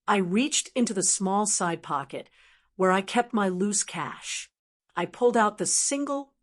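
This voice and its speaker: Calm, dry woman narrating a story. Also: medium pitch. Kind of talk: scripted first-person story narration.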